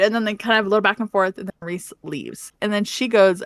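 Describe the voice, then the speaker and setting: A woman co-hosting a podcast, casually recapping a fantasy novel with animated storytelling, frequent laughs and playful swearing. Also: medium pitch, brisk, dry recording. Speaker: podcast co-host.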